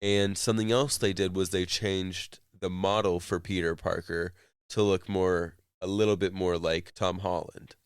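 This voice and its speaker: Deep-voiced man recapping a game. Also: fairly even intonation, measured pace, clear, resonant tone, no echo, studio quality. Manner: rambling retelling with fillers and laughs. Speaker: co-host. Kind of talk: casual chat.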